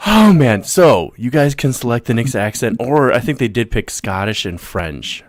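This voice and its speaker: A man's voice: medium pitch, moderate pace, dry recording, studio quality. Playful man co-hosting a live chat. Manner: laughing, playful, lively. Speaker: podcast co-host. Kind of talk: casual chat on a live stream.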